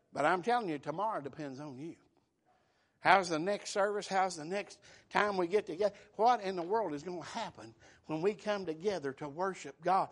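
A male preacher, delivering an impassioned sermon with call-and-response, swinging from loud to hushed. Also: sits high.

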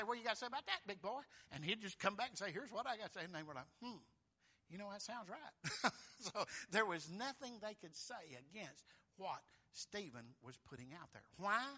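A man preaching a fervent, folksy sermon. He surges in force on key phrases and calls out "Amen?" to the congregation. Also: pushed and bright. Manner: fervent, surging in pitch and volume on key phrases.

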